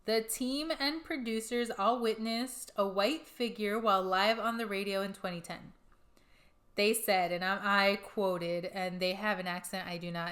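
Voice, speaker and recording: A woman's voice: medium pitch, fairly bright tone. A woman co-hosting a podcast, casually reading out ghost stories from her notes with giggly asides. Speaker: podcast co-host.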